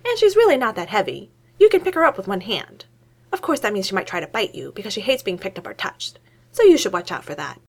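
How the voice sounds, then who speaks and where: Female reader voicing a hyper young male scientist, eager and loud, very lively pitch. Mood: excitable. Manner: rapid, excitable, voice shooting up.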